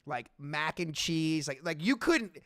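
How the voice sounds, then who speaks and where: A man hosting a casual podcast chat, telling animated stories with lots of stumbles and restarts over a headset mic. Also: a little high, a little slow, no room sound, clean studio sound. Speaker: streamer and podcast host.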